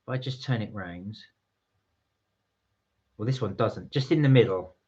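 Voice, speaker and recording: A man's voice: lowish voice, a little slow, a little mellow, dull audio. A man hosting a live stream, chatting casually and rambling as he tastes snacks and reads out viewer comments. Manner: chatty, rambling, reads chat messages aloud.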